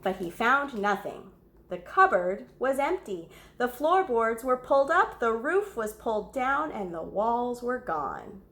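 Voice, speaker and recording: A woman reading a story aloud to children, pausing to ask the young listeners questions and gasping or whispering for effect. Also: on the high side, very animated, fairly bright tone.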